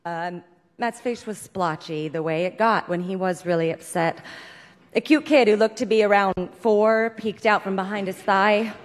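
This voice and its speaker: A woman reads a comic story aloud with dry, deadpan timing. Her voice sits in a middle register for a woman. A long hall reverb trails behind every line. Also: mid-range voice, normal speed.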